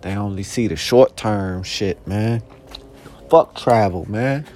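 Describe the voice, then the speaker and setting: A young man runs a one-person podcast, speaking slowly in a fairly low voice over slight background noise. His casual monologue rambles, profane and streetwise, and now and then he flares up with shouted questions.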